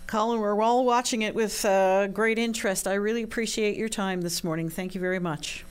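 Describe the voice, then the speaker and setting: A woman hosting a call-in radio show, polite and measured. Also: medium pitch, fairly even intonation, clean tone. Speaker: radio host.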